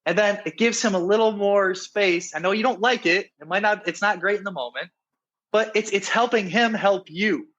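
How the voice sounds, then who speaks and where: Earnest man with a slightly high voice. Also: normal speed, fairly bright tone, highs cut off. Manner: earnest, keeps asking "right?", many restarts. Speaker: dating coach, guest. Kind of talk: casual interview talk.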